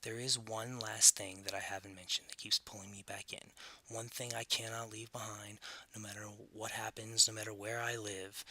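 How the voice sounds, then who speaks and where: A man's voice: lowish voice, pushed and bright, no room sound. A man from the Southern United States narrating his own scripted documentary in an earnest, reflective way.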